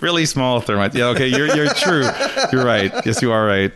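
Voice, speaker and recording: A man's voice: medium pitch, expressive, fairly quick, over a noisy crowd. A young man hosting a podcast, chatting casually, laughing often and reading out articles. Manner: chatty, laughs often, reads quotes in a mock voice. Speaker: podcast host.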